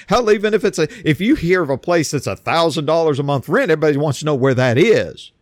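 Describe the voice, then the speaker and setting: A man's voice: a little high, expressive, fast talker, dry recording, studio quality. A man delivering an emphatic opinion monologue, often repeating words as he builds his points.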